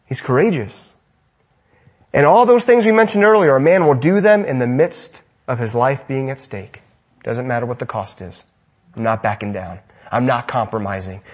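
A young man preaching a sermon to men, with emphatic repeated rhetorical questions, swinging between loud and soft, and ending in prayer. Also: mid-range voice, animated, normal speed.

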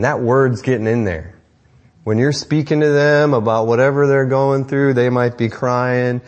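A man's voice: mid-range voice, a little mellow. A middle-aged man preaching a sermon to parents in a conversational, joking way, with self-deprecating asides. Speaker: pastor.

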